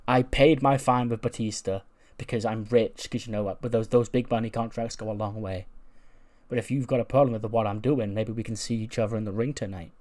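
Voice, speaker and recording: A man's voice: lowish voice, fairly even intonation, a little fast, a little mellow, natural voice. A man voicing a cocky bragging lady wrestler. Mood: boastful. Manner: arrogant, bragging. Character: cocky boastful female wrestling star.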